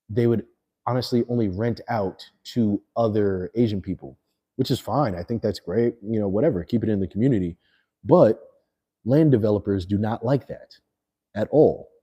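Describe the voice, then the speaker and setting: Guy streaming from home, slangy and loose, a few beers in, low-ish husky voice. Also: mellow. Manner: loose, slangy, talks to the chat. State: a little tipsy. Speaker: livestream host. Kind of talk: casual livestream rant.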